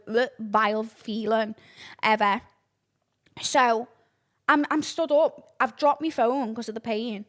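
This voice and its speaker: Woman, young, fairly high voice, casual storytelling host, dramatic and sweary. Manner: breathless, dramatic oversharing, lots of swearing. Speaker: podcast host.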